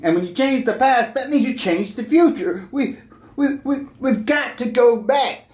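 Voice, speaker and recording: A man's voice: extremely high pitch, expressive, measured pace, darkish tone, voice pushed up. A man voicing an earnest, worried starship captain in a comic parody skit, pleading and stammering. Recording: roomy echo.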